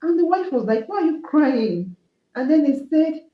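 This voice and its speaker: A woman's voice: sits high, sing-song, normal speed, dark tone. Woman, Christian relationship teaching, earnest, repetitive, echoey room, lo-fi sound. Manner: earnest, repetitive preaching cadence. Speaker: marriage advice speaker. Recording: roomy, dull lo-fi sound.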